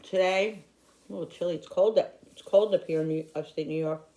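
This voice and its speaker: Woman, middle-aged, low mellow voice, heartfelt rambling vlog talk. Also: brisk, a little hiss or hum. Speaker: YouTuber. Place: home in upstate New York.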